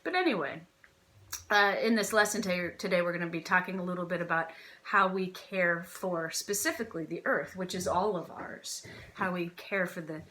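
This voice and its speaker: A woman's voice: lowish voice, normal speed, bright, forceful tone, a little hiss or hum. A woman teaching a casual Sunday school lesson, chatty and playful and often laughing. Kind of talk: casual children's church lesson.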